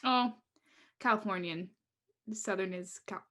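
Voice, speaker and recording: A woman's voice: mid-range voice, lively intonation, normal speed. A young woman co-hosting a podcast in casual chat, candid and jokey, often breaking into laughter. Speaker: podcast co-host.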